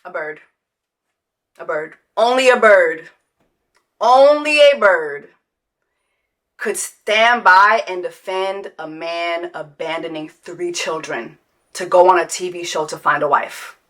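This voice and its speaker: A woman's voice: on the low side, unhurried, a bit bright. A woman, giving a sassy, profane reality TV reaction commentary that mocks its subject and breaks into sung quacking. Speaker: commentary host.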